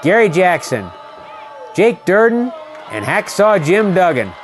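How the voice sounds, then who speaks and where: A man from St. Louis giving excited play-by-play commentary at ringside, repeating his calls and shouting at the big moments. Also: high-pitched, a little slow, faint music behind, a faint crowd. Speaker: wrestling commentator. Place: ringside at a community center.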